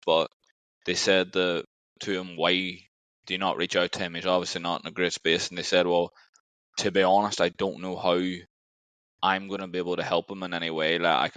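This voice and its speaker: A man's voice: deep voice, a bit bright, no room sound, low-quality recording. A man hosting a conversational podcast, telling an anecdote casually with many fillers. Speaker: podcast host. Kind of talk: interview conversation.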